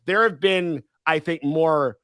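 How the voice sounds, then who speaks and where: A man hosting a casual livestream chat, excitable and rambling, with many restarts and swearing. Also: a little high, takes it slowly, smooth, no echo. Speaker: livestream host.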